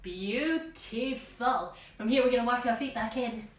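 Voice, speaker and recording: Woman, guided kids' yoga, high voice, silly animal noises, distant echoey room sound. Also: a little slow. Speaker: children's yoga teacher. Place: room at home with plants.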